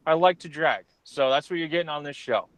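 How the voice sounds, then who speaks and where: A man's voice: on the high side, fairly quick, a crowd in the background. Joking man hosting a stream. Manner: joking, rambling, swears freely. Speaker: host. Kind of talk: casual stream chat.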